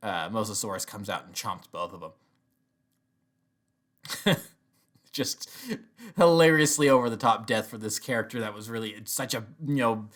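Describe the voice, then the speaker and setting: A man's voice: fairly low pitch, moderate pace, pauses often, fairly bright tone. A man giving a casual spoken review, rambling with many restarts and chuckling often. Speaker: TV episode reviewer.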